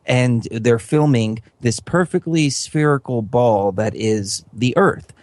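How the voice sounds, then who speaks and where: A man's voice: medium pitch, slow, a little mellow, no echo. Earnest, rambling male radio guest. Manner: earnest, rambling, many fillers and restarts. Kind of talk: casual explanatory talk.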